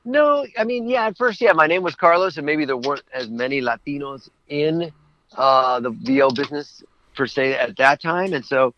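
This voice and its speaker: A man's voice: fairly high pitch, moderate pace, bright, forceful tone, dull audio. A man who works as a voice actor, chatting as a guest in a casual interview and telling rambling anecdotes.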